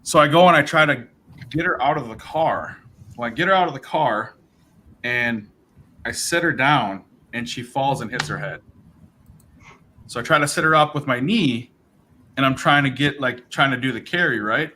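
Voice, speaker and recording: A man's voice: medium pitch, normal speed, long pauses, slight background noise. A man on a live stream telling a personal story in a casual, rambling way, tossing in "right?" and "bro" as he goes. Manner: rambling, animated, acts out dialogue with fillers like right and bro. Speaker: livestream host telling his sobriety story.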